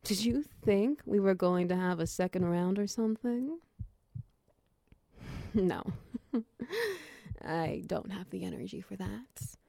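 A big, protective, doting lover, voiced by a woman murmurs in a whispered role-play, unhurried and soft. The voice is low-toned and gravelly, with a mellow, warm color. The recording sounds close and dry. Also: dry recording. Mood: tender. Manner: slow, soft, cooing and teasing, drifting into whispers. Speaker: voice actor in audio role-play.

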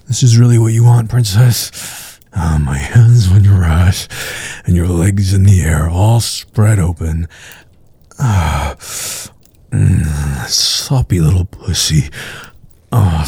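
A man voicing a dominant, teasing adult man in an audio role-play, murmuring low taunts with breathy grunts. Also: warm tone, no room sound, full character voice. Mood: heated commanding.

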